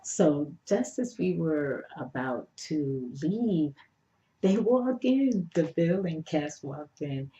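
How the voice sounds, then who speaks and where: A middle-aged woman vlogger telling a personal story in an animated way, acting out her own thoughts and swinging from hushed asides to high exclamations. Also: slow pace. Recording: echoey room, dull lo-fi sound.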